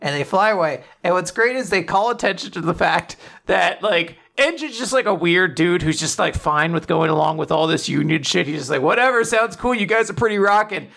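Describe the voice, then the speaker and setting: A man hosting a casual podcast, retelling manga chapters with animated storytelling and frequent laughter. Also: on the high side, a little fast, vocal fry, hardly any pauses. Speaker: podcast host.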